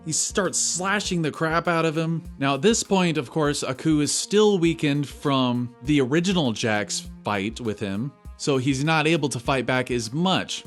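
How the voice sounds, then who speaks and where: A man talks through a cartoon finale in a loose, excited recap, tossing in fillers and the odd swear. His voice sits in an ordinary middle pitch, with faint music running quietly underneath. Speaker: video reviewer. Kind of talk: casual episode recap and review.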